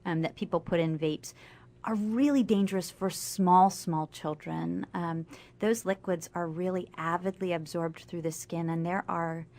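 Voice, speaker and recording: A woman, a family doctor, guest on a radio interview, explaining health facts clearly and with enthusiasm. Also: on the low side, fairly even intonation, unhurried, a little mellow. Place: radio studio.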